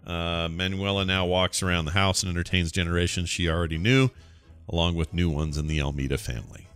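A man co-hosting a podcast, chatting casually and reading out odd news stories with joking asides and quick self-corrections. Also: sits low, fairly even intonation, fairly bright tone, clear, resonant tone, soft background music. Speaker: podcast co-host.

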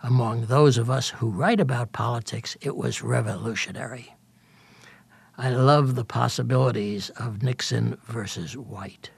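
An older man reading aloud from his own political memoir in a measured, storytelling way. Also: mid-range voice, creaky, breathy edge, dry recording. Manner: measured storytelling in present tense. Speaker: memoir reader.

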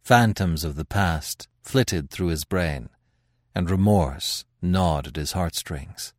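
A man hosting a podcast, narrating a classic tale in a dramatic, expressive reading with swelling emphasis. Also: low voice, slow, no echo, studio quality.

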